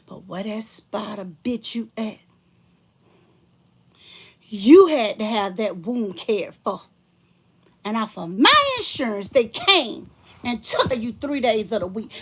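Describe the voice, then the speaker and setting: A woman speaking as a motivational speaker, confronting someone in a heated live-stream address to her viewers. She talks colloquially and repeats herself, swinging between loud outbursts and hushed whispers. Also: fairly high pitch, husky.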